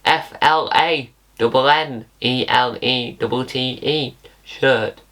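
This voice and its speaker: A man's voice: medium pitch, slow pace, fairly bright tone. Rambling British man hosting his channel. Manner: rambling, self-correcting, spells words out. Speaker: channel host. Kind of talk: casual solo video commentary.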